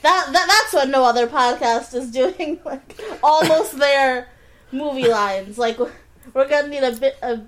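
A woman's voice: high voice, moderate pace, fairly bright tone. A woman co-hosting a casual film podcast, who gets set off laughing easily. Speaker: podcast co-host.

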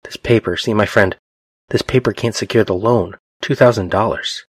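Brief: man doing a fussy older banker, exasperated and scolding, husky and pitched up high. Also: normal speed, no room sound. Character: fussy, disapproving older male bank officer.

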